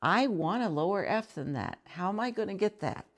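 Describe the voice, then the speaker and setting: A woman's voice: medium pitch, expressive, moderate pace. A woman violin professor explaining intonation in a thoughtful, conversational way, asking the listener questions between short demonstrations. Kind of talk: instructional explanation with playing demonstrations. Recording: violin playing between phrases.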